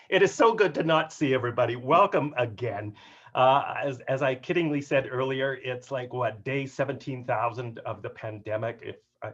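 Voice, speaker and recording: A man giving an upbeat, joking talk on workplace humor during a video call, with an animated and playful delivery. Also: mid-range voice. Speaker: keynote speaker on workplace humor. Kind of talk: upbeat webinar talk with jokes. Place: home office on a video call. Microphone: video call mic. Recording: dull lo-fi video call audio.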